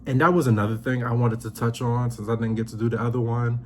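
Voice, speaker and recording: A man hosting a casual reality TV recap, talking sassy and animated, acting out quotes in high voices. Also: quick pace, a little hiss or hum. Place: indoors, seated on a squeaky chair.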